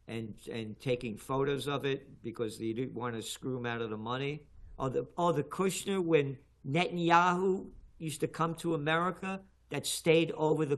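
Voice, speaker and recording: An older man giving heated, emphatic political commentary in a talk show, his voice often rising loud. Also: on the high side. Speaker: guest commentator.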